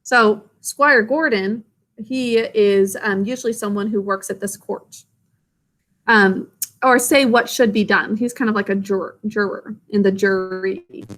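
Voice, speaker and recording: A woman reads a storybook aloud to children, stopping to ask them gentle questions and explain words. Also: medium pitch, steady tone, unhurried. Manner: gentle questions to young listeners.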